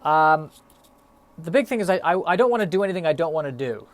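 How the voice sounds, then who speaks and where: A man's voice: a little high, expressive, quick pace, no echo. A young man hosting a solo podcast, musing in a stop-start, self-deprecating way with lots of fillers, a little out of breath. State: a bit out of breath. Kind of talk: rambling solo podcast monologue.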